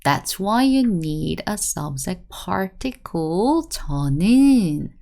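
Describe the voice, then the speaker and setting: A woman's voice: fairly low pitch, slow pace, gravelly. A young woman teaching an online language lesson, drilling words by repetition and checking in with "right?" as she explains. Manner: animated, drills words by repeating them, asks "right?" often.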